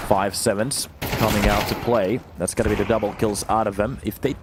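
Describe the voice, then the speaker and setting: A young man giving live play-by-play commentary on an esports match, swinging from calm analysis to loud bursts of excitement. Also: a little fast, hardly any pauses, very noisy. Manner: calm analysis that jumps to loud, high-pitched excitement on big plays. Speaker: esports caster.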